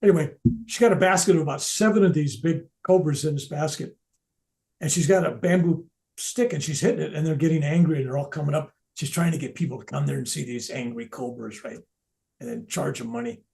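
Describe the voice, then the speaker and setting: Speaking at a veterans event, an older man tells personal spiritual stories in a relaxed, unscripted and animated way, often stumbling and restarting his sentences. His brisk voice is slightly high for a man, warm, mellow and gravelly, and he drops to soft near-whispers for emphasis.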